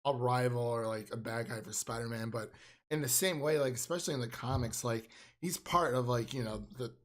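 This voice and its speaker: A man's voice: mid-range voice, a little fast, a bit bright. A man co-hosting a casual film chat, rambling with many fillers and restarts. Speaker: podcast co-host.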